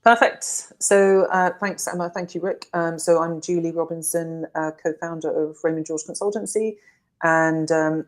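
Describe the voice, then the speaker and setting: Low voice woman on a panel call, kinda hesitant, lots of ums. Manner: hesitant, many fillers. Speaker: co-founder guest. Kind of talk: casual panel chat.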